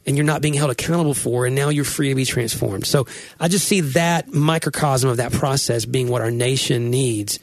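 Earnest husky-voiced pastor. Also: male voice, mid-range voice, brisk, hardly any pauses, dry recording. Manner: earnest, reflective, frequent restarts. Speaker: pastor and podcast host. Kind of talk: casual podcast conversation.

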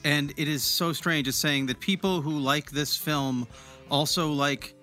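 Guy hosting a podcast, bright forceful voice, geeks out on movies, faint music under it. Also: a little high, fairly even intonation, measured pace. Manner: chatty, enthusiastic film talk with many restarts. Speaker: podcast host. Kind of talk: casual interview chat.

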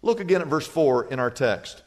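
A man's voice: mid-range voice, lively intonation, normal speed, long reverb tail. A man preaching a sermon, telling a personal story with humor before making his point to the congregation. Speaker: pastor.

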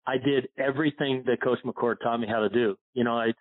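A man's voice: mid-range voice, steady tone, a little fast. A man from Pennsylvania, a golf instructor telling a long personal story in an interview, rambling with many fillers and getting choked up. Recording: phone-like line.

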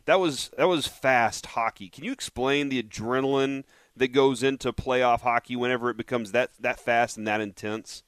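A man hosting sports radio, asking casual, halting questions. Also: mid-range voice, a bit bright, clean tone, no echo.

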